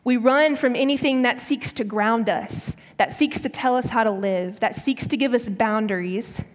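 Speaking at a normal pace in a voice on the high side, a woman in her early twenties delivers a sermon built around a personal story. She keeps it chatty with casual fillers, and long hall reverb fills the recording.

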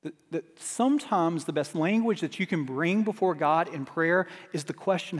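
A man with a high voice preaches an earnest sermon. He leans harder into his repeated refrains as he goes. His words ring out with a long hall reverb. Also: normal speed, hardly any pauses. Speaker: pastor.

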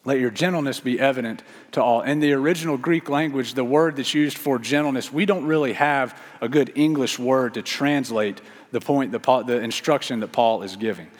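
A man's voice: mid-range voice, normal speed, hardly any pauses. A man delivering a sermon as pastor, earnest and repeating key phrases for emphasis. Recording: long reverb of a church hall.

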